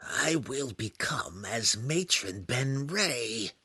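A man voicing a centuries-old drow matriarch in an audiobook, imperious and desperate, with drawn-out, dramatic lines and sudden cries. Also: medium pitch, animated, bright, forceful tone, husky, dry recording, pitched above the performer's own voice, exaggerated voice. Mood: bitter whisper. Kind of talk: audiobook character voice.

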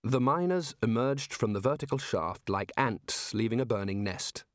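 A man's voice: mid-range voice, expressive, normal speed, no room sound, clean studio sound. Man reading a comic fantasy audiobook. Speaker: audiobook narrator. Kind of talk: scripted narration.

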